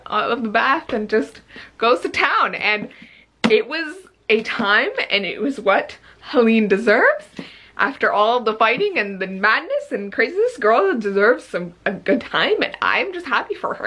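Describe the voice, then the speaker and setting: A young woman giving an excited reading-update vlog, gushing and breathless, with lots of filler words. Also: on the high side, low-quality recording. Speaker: book vlogger.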